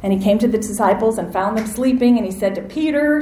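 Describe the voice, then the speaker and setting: A woman preaching a sermon, lively and acting out the voices in the story, calling on her listeners to answer back. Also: a little high, fast, hardly any pauses, echoey room, a little hiss or hum, poor audio. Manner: animated, acts out quoted voices, asks audience to respond.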